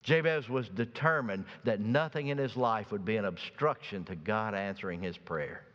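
A pastor preaching a sermon, swinging from soft, slow passages to loud, emphatic ones. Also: male voice, on the low side. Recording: dull sound with long reverb.

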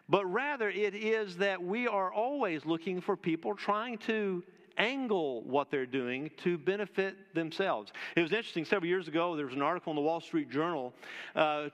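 Brief: male pastor, bright higher voice, deliberate emphatic sermon delivery, church reverb. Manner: emphatic preaching with slow, drawn-out pauses and rhetorical questions. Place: church sanctuary. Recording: long reverb of a church hall.

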